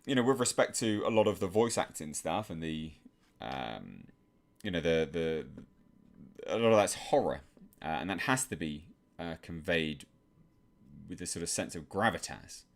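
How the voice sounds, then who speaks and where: A man with an English accent runs a live stream, taking questions from chat and answering in a calm, quiet way peppered with fillers. He has a low, creaky voice with lively intonation.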